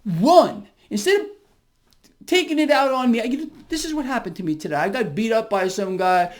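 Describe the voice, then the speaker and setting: A man's voice: sits high, animated, moderate pace. Hyped-up Brooklyn man ranting. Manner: hyped-up, emphatic, swearing. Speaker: market commentator. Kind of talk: fired-up video rant.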